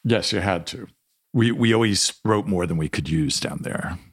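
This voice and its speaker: A man co-hosting a podcast in casual chat, animated, laughing often and teasing his guests. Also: low-pitched, moderate pace, slightly rough, no room sound, studio quality. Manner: animated, laughing, affirming, playful ribbing. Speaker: podcast co-host.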